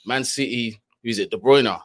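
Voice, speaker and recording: A man's voice: mid-range voice, normal speed. A man, a co-host in casual chat who chimes in with agreement and slang.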